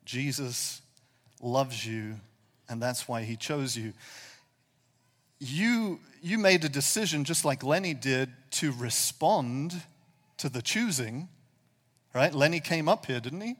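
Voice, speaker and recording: A man's voice: mid-range voice, animated, takes it slowly, long pauses, a bit bright. A pastor preaching a sermon to his congregation, speaking earnestly and emphatically with many rhetorical questions. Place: church sanctuary with a reverberant hall. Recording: long hall reverb.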